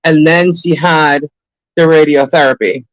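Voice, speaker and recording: A chatty man with a fairly high voice, hosting a relaxed live stream and talking straight to his viewers. He swears now and then in an easy, offhand way. His voice sounds close and dry, with no room around it. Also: unhurried, dry recording, poor audio. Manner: chatty, greets viewers by name, swears casually. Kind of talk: casual live stream chat.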